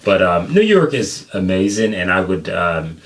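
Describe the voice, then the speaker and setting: A man with a deep, low-pitched voice gives casual reaction commentary. He rambles loosely and often restarts his sentences. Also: normal speed. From United States. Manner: relaxed, rambling with many fillers and restarts. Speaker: reaction video host.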